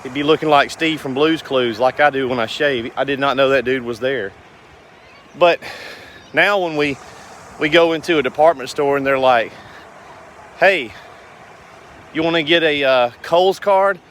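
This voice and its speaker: A man's voice: medium pitch, normal speed, a bit bright, slight background noise. A man, talking casually to his viewers in a rambling, earnest, folksy way. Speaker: business owner vlogger. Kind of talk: casual talk to camera.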